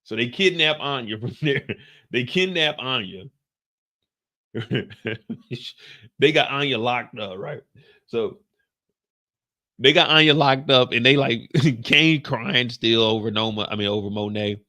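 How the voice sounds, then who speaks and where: A man hosting a recap who tells the story in an animated way, using slang, sound effects and calls to the chat. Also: medium pitch, a little slow, long pauses, no room sound, clean studio sound. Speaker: show recap host.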